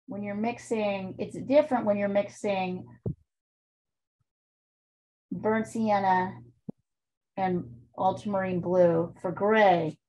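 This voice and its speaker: A woman's voice: medium pitch, steady tone, takes it slowly, pauses often, mellow. A woman art teacher giving online painting instruction over a video call, encouraging and repeating her points as she coaches.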